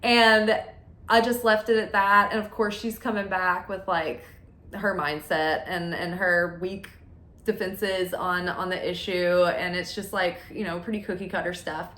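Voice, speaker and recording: A woman's voice: fairly low pitch, fairly even intonation, a little slow, a bit bright. A woman chatting candidly as a tarot reader while shuffling cards, laughing often. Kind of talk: casual chat while reading cards. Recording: roomy echo.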